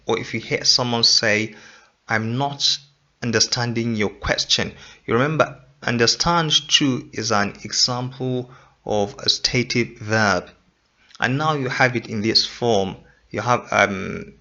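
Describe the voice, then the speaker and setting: Slow, bright-voiced teacher. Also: male voice, medium pitch. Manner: repeats points and quizzes listener ("In what?"). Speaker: English teacher. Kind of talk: explaining grammar lesson. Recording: dull lo-fi recording.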